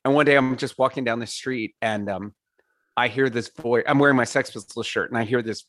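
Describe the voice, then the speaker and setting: A man's voice: medium pitch, fairly quick, fairly bright tone, no echo, studio quality. A man telling stories in a casual interview, rambling with lots of fillers, laughing and swearing. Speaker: podcast guest, singer.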